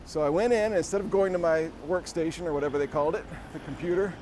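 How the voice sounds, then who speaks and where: A man's voice: fairly high pitch, quick pace, noisy background. A man telling a rambling, self-deprecating story with little chuckles while riding a bike outdoors, out of breath. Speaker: vlogger. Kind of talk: casual storytelling while cycling.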